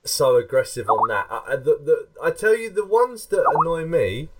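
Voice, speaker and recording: A man's voice: a little high, sing-song, normal speed. A man hosting a casual podcast, rambling and chatty, with many restarts and self-mocking asides. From England. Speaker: podcast host. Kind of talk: casual chat.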